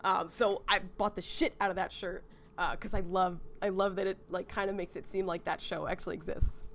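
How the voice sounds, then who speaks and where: A woman streamer chatting casually and reading a visual novel aloud, excitable and full of laughs. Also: medium pitch, fairly quick, slight background noise.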